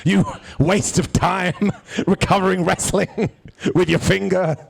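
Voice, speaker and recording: A man's voice: high-pitched, steady tone, takes it slowly, creaky, slight background noise, pitched above the performer's own voice, heavily acted. A man voicing a disappointed mother who scolds her grown son in mock exasperation. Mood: scolding.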